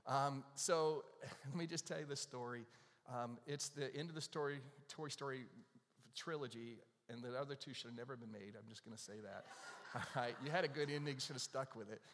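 A man's voice: mid-range voice, a little fast. A man preaching a conversational sermon, telling a story and asking the audience questions. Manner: animated, asks the audience questions. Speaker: pastor. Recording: long reverb of a large hall.

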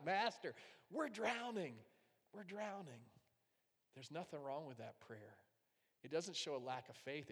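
A man in the pulpit delivers a sermon with emphatic energy, his slightly high voice rising into loud, driving swells, then dropping to near hush. His words ring out with a long reverb tail, as in a big sanctuary. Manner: emphatic preaching with sudden loud swells and quiet drops. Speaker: pastor.

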